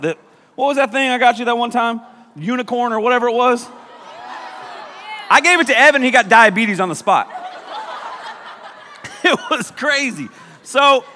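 A young man delivers a jokey youth sermon, his high, bright voice leaping all over the place as he teases the crowd. The sound rings with the long reverb of a large church hall. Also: slight background noise. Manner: joking, animated, teasing the crowd. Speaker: youth pastor. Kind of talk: comedic sermon.

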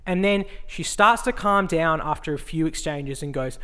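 A man's voice: high-pitched, animated, brisk, bright, forceful tone, smooth. A man co-hosting a casual chat podcast, telling a story animatedly and acting out both sides of an argument. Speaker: podcast co-host.

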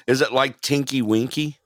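Man, talk show host, rambling, laughing, unhurried, lively pitch, dry studio sound, faint music behind. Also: no room sound. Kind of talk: casual online radio talk.

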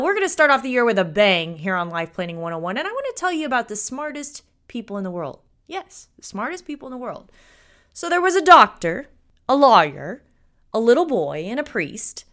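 A woman hosts a talk show in a casual, animated monologue. Her voice sits at a middle pitch and she tells stories with lively energy. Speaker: radio show host.

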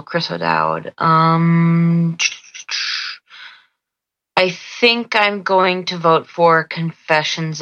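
A woman's voice: on the low side, sharp tone, smooth. A woman on a casual movie podcast, brief and wry in her picks. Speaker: podcast panelist. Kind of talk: casual chat.

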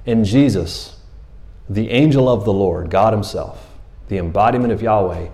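Casual pastor preaching in church, man with a lowish voice, jokey and loose. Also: normal speed, dark tone. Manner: casual and joking, acts out Bible figures in raised voices. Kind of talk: sermon.

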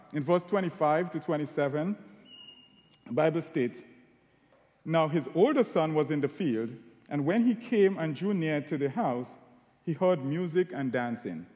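A man's voice: a little high, darkish tone. Emphatic male preacher in a reverberant hall. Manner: emphatic, stretching key words for stress. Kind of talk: sermon.

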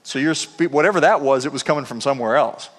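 A man preaching a sermon, telling stories with animated emphasis and repeating words as he builds up. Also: medium pitch, fast talker, big-room sound, heavy background noise. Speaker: pastor. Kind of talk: sermon storytelling.

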